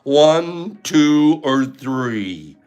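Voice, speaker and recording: A man hosting a playful live-stream giveaway, calling out names loudly in a singsong way. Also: a little high, animated, very slow, clean tone.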